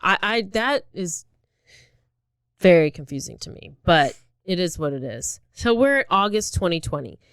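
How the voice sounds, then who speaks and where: A woman co-hosting a casual true-crime podcast, telling the story in animated bursts with sudden jumps in pitch. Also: moderate pace, smooth, no room sound, clean studio sound. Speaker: podcast co-host.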